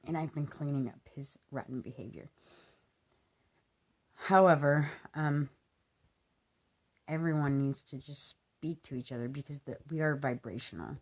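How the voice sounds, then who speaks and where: A woman in her thirties speaks straight to the camera in a loose, rambling monologue. Her voice is gravelly with a husky edge, and she keeps filling pauses with ums as she earnestly works through her thoughts. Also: sits low, a little mellow. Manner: earnest, rambling with many fillers. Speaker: vlogger.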